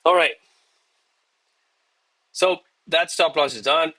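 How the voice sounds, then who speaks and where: A man's voice: fairly high pitch, slow, bright, forceful tone. A man in his thirties chatting casually to viewers while streaming, calling them bro and man, a little out of breath from exercising. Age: 30s. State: out of breath between push-ups. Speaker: live trading streamer. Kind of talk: live-stream commentary and chat.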